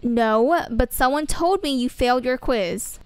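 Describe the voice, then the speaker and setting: A woman's voice: high voice, measured pace, smooth, no echo. A woman voicing a strict mother who scolds firmly. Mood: stern. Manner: firm, scolding. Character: stern strict mother of a teen.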